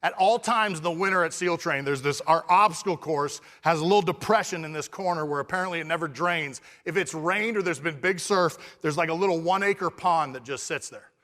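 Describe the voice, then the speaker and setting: Man from california, keynote storyteller, high voice, echo of a large hall. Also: fairly quick, hardly any pauses. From California, USA. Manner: animated storyteller who acts out dialogue. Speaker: keynote speaker. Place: conference hall. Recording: long reverb of a large hall.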